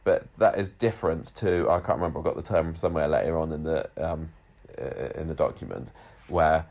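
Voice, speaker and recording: A man's voice: extremely low pitch, brisk, darkish tone. A man co-hosting a podcast, chatting casually and reading out statistics with frequent restarts. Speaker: podcast co-host. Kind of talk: casual chat.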